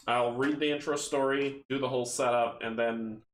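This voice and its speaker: A man hosting a casual tabletop card game play-through, recapping and reading story text in a chatty, relaxed way. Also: medium pitch, normal speed. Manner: chatty, relaxed, with many fillers. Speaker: host and solo player. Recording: echoey room, faint background noise.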